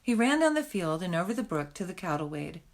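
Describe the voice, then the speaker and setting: A woman reading a novel aloud in a gentle, plain storytelling manner. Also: lowish voice, sing-song, fairly quick. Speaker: reader.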